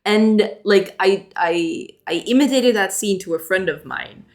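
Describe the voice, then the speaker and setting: A woman's voice: mid-range voice, unhurried. A woman streaming game development, chatting casually with viewers while she codes. She is self-deprecating and often breaks into giggles. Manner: chatty, reads and answers viewer messages. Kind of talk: casual live-stream chat while coding.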